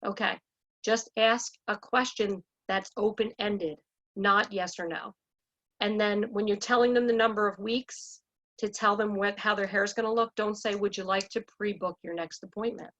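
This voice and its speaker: A woman's voice: mid-range voice, fairly even intonation, normal speed, fairly bright tone. A woman speaking as a salon business coach in a panel talk, talking with emphatic energy and acting out scripts for clients. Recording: dull lo-fi audio.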